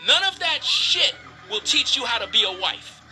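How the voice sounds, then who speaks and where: A man's voice: extremely high pitch, very animated, normal speed. A man preaching a profane, emphatic livestream sermon to women, scolding and mocking them. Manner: preachy, profane, emphatic, mocks others in quoted voices.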